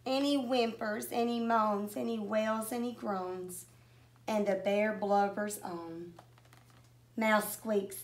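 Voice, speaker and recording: Slow, expressive woman teacher reading aloud. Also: mid-range voice. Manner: expressive, rhythmic rhyming delivery. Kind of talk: children's storybook read-aloud.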